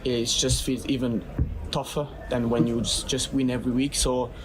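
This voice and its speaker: A man's voice: medium pitch, little pitch movement, normal speed, noisy background. A man speaking English as a second language, a professional footballer giving a hesitant post-match interview. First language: not English. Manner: hesitant, restarts sentences.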